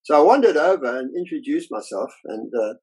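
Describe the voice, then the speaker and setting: An older man, an illustrator, telling lively anecdotes about his career in a casual interview and acting out the voices of people he quotes. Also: fairly high pitch, a little fast, breathy edge, rough recording.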